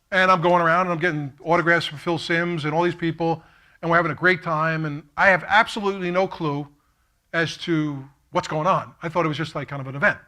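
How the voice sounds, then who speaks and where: A middle-aged man, giving an impassioned keynote speech as a story, acting out the voices of others and moving from hushed to fervent. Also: on the high side. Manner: animated, quotes himself and others, swings from hushed to fervent. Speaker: keynote speaker. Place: lecture hall at a college.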